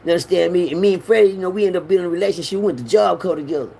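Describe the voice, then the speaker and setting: High gravelly storytelling man. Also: very fast, a little hiss or hum. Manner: animated, acts out quotes with raised pitch. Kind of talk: casual street storytelling.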